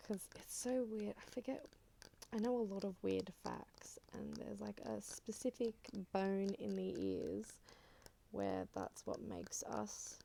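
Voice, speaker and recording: An Australian woman chatting in a soft-spoken ASMR style, rambling and slipping in and out of a whisper. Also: medium pitch, lively intonation, slow pace, creaky, slight background noise. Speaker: ASMR creator.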